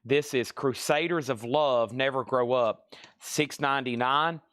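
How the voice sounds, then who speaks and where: A man's voice: medium pitch, a bit bright, dry recording. A man hosting a live record sale stream, rattling off titles and prices with chatty asides. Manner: brisk item-by-item price calls with chatty asides. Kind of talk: live-stream sales patter.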